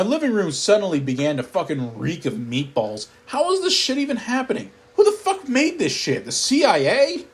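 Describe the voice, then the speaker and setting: A man narrating a comedic horror story in a profane, deadpan storytelling manner. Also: high voice, normal speed, hardly any pauses, breathy edge.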